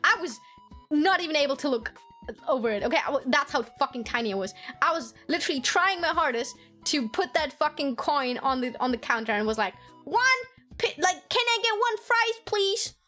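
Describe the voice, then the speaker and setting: High-voiced woman streamer, swearing and laughing. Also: lively intonation, brisk, pushed and bright, soft background music. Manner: swears freely, laughs often, mimics family members in high voices. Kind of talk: casual storytelling chat with viewers.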